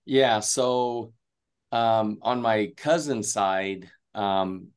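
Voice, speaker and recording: A man's voice: lowish voice, extremely slow, clear, resonant tone. A man guest on a podcast, talking in an easygoing, friendly way with frequent fillers. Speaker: guest, fruit company marketing director. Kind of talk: casual interview talk.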